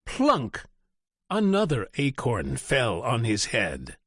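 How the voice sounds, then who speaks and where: A man reading a children's story aloud in an expressive, deliberate way. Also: medium pitch, husky, no echo, clean studio sound. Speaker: narrator. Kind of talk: storybook read-aloud narration.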